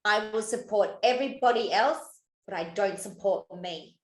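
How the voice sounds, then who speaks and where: A woman's voice: mid-range voice, normal speed, roomy sound, poor audio. A woman co-hosting a podcast in casual chat, who swears freely and laughs often. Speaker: podcast co-host.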